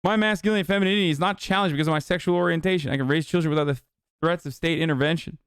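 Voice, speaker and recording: A man's voice: a little high, very fast, smooth, dry recording, clean studio sound. A man streaming live, reading text aloud and reacting with blunt, profane, exasperated rants.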